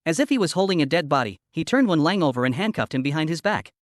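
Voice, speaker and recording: A man recounts a story recap in a rapid, even storytelling voice. His pitch sits a little high and he moves fast. The sound is dry and close. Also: no echo. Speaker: recap narrator.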